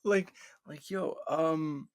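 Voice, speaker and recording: A young man in his twenties, co-hosting a podcast and telling a story in casual chat, animated, laughing and repeating "I was like". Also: a little high, extremely slow, smooth, no room sound, studio quality. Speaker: podcast co-host.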